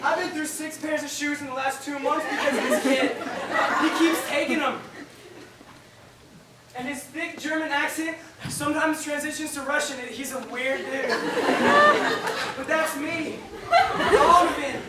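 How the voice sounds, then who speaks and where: Young performer as a wry, laid-back teen boy, live improv, loud crowd, echoey hall. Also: high voice, unhurried, pauses often, far from the mic, heavy background noise. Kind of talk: live improv comedy scene.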